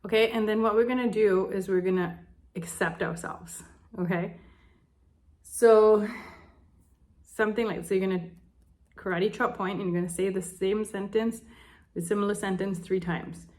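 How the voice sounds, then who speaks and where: A young adult woman, a life coach, gently talks through an emotional tapping routine and speaks sample phrases aloud with sighs. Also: mid-range voice, steady tone, normal speed. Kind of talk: instructional tapping demonstration.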